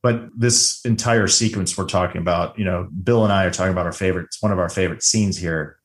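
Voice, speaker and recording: A man co-hosting a casual movie chat, animated and swearing freely, acting out lines from scenes. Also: low-pitched, quick pace. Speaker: podcast co-host.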